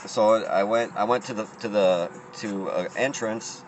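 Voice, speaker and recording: A man's voice: on the low side, unhurried, faint music behind, low-quality recording. A man telling a rambling, profane story in casual talk, often restarting his sentences.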